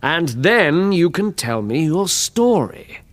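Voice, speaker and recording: A man voicing a calm, confident, kindly detective in an audiobook, speaking gently and reassuringly. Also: fairly high pitch, slow pace, voice pushed up. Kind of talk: audiobook character reading.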